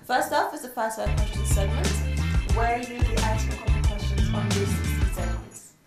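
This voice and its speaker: A woman's voice: on the high side, normal speed, echoey room, loud music behind the voice. A woman hosting an entertainment interview show, playful and teasing. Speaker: host.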